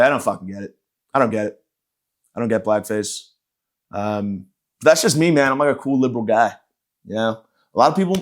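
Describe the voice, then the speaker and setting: A man hosting a podcast, ranting in a profane, sarcastic, rambling comedic style. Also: fairly low pitch. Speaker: podcast host and stand-up comedian. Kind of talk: casual comedic rant.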